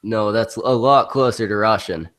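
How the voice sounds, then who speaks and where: A man on a casual podcast call, blunt and cracking dark jokes. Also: fairly low pitch, moderate pace. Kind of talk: casual group call chat.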